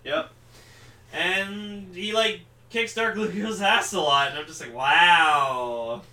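A young man with a bright, forceful voice, sitting a little back from the mic in an echoey room. He talks casually with lots of fillers and gets excitable, acting out lines as he retells a story. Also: high voice, measured pace, recorded from a distance. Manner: excitable, lots of fillers, acts out quotes loudly. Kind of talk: casual podcast chat.

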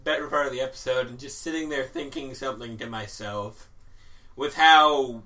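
A man's voice: medium pitch, moderate pace, sharp tone, far from the mic. A man co-hosting a casual podcast chat, rambling and joking with friends. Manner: laughing, jokey, rambling. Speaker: podcast co-host.

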